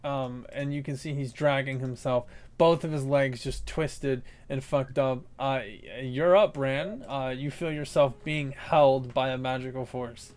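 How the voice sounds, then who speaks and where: A man's voice: medium pitch, steady tone, measured pace, few pauses, darkish tone. A man narrating as dungeon master, laughing and swearing through vivid descriptions. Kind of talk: narrating a tabletop game.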